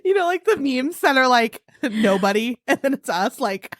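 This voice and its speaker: A woman co-hosting a podcast, telling stories in a playful, animated way. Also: sits high, normal speed, no room sound, clean studio sound. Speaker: podcast co-host. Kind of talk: casual chat.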